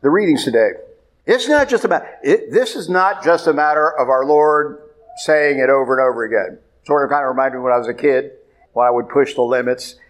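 A man's voice: medium pitch, brisk. A man preaching a sermon as a priest, emphatic and repeating his points. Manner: emphatic, repeats points, rises sharply when pressing.

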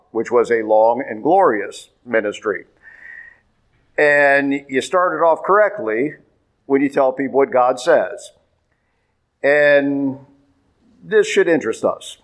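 A priest preaches in a plain, everyday voice. His delivery is conversational, and he suddenly pitches up high to hammer home a point. He sits at a middling pitch for a man. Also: a bit bright, rough recording. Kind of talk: sermon.

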